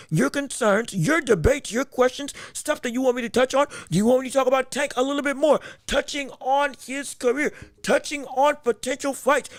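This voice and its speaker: A man hosts a solo podcast, rambling excitably and repeating words often, his extremely high-pitched voice straining and turning hoarse. The recording is dry and of studio quality.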